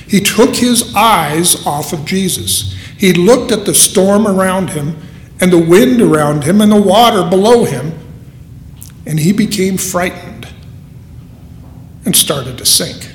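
A man preaching a sermon in an earnest, unhurried way, with dramatic pauses. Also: high voice, lively intonation, slight background noise. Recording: echoey hall.

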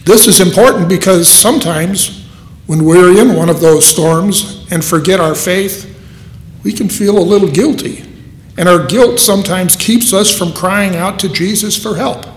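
A man preaching a sermon in an earnest, unhurried way, with dramatic pauses. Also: high voice. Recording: echoey hall.

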